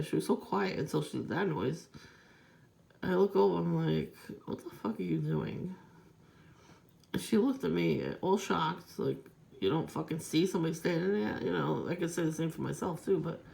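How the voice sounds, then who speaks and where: Very gravelly woman rambling. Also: low voice, a little mellow. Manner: rambling, profane, aggrieved storytelling. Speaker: vlogger. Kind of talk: casual rambling monologue.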